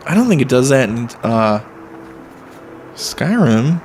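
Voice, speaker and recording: Slow, gravelly let's play host. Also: male voice, mid-range voice, sing-song, a little mellow, soft background music. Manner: rambling, self-talk while playing. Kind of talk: casual game commentary.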